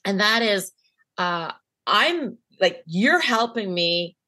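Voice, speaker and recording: A woman's voice: mid-range voice, lively intonation, slow pace, bright, forceful tone. A woman hosting an interview, talking casually with lots of "like" and "you know" and getting emotional over a memory. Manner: gets emotional telling a memory. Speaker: podcast host.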